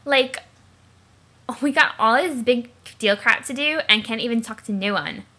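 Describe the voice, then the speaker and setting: Casting: a woman doing a tipsy chatterbox teen girl, loud, slangy, swearing, bright voice. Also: fairly high pitch, unhurried. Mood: chatty.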